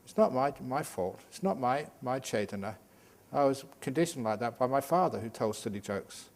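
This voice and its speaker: An older man, a Buddhist monk, teaching meditation in a humorous, lively Dhamma talk full of jokes. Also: medium pitch, normal speed. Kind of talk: Dhamma talk at a day retreat.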